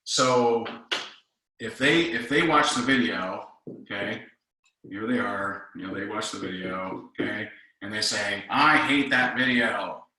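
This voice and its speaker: A man runs a casual sales coaching talk in a bright, forceful voice. He tells stories animatedly and plays both himself and his prospects. The sound carries a roomy echo. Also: on the low side, unhurried. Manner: animated storyteller, acts out both sides of conversations. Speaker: network marketing trainer.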